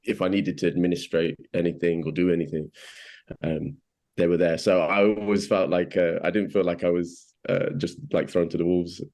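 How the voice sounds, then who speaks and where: An English actor being interviewed speaks casually in a very low voice, halting as he goes. He hesitates, restarts often and uses many fillers, but becomes animated when quoting.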